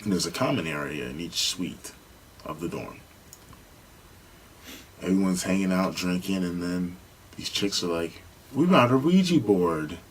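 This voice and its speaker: A man's voice: sits low, measured pace, long pauses, a little hiss or hum, rough recording. A young man co-hosting a podcast, telling stories in casual chat and acting out the voices he quotes. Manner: animated storyteller, acts out quoted voices. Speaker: podcast co-host.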